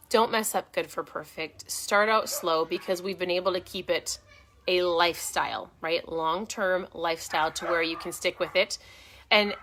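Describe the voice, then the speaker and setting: A woman's voice: on the low side, pushed and bright, a little hiss or hum. A middle-aged woman hosting a casual live stream from her home, giving chatty, encouraging diet tips and often restarting her sentences. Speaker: host of a keto diet channel.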